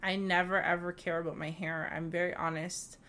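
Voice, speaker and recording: A woman's voice: lowish voice, little pitch movement, brisk, fairly bright tone. A young woman hosting a solo podcast, rambling casually with lots of filler words and the odd swear. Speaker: podcast host.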